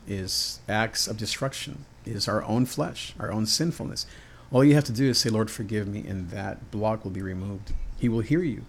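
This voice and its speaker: A man's voice: lowish voice, husky. A man preaching a heartfelt devotional sermon on his podcast in an earnest manner.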